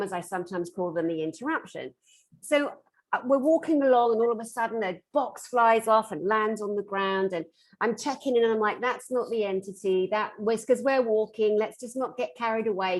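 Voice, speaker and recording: A woman's voice: medium pitch, poor audio. A woman working as a metaphysical therapist, telling a story on a conference panel and acting out the lines of the people in it. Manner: animated, acts out quoted dialogue.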